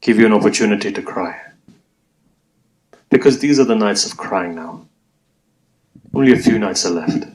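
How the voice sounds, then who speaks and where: Preaching a mourning sermon, a Muslim man tells a story in a conversational, animated way, speaking straight to his audience at a normal speed with long pauses. His voice is lowish and a little mellow. The audio is poor, with slight background noise.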